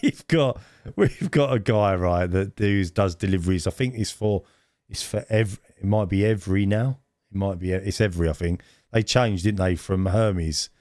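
A man's voice: low-pitched, moderate pace, darkish tone, no room sound, studio quality. A man co-hosting a casual podcast chat, telling rambling stories and laughing often. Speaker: podcast co-host.

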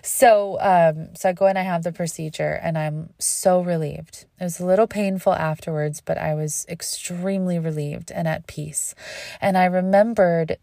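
A woman's voice: fairly low pitch, fairly even intonation, normal speed, gravelly, no room sound, studio quality. Candid woman telling a personal story. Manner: candid, self-interrupting, laughs at herself; speeds up and drops to a hush when reliving moments.

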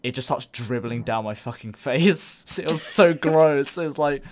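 A man's voice: mid-range voice, unhurried, darkish tone. A young man co-hosting a podcast, teasing his friends, swearing and laughing in casual chat. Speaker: podcast co-host.

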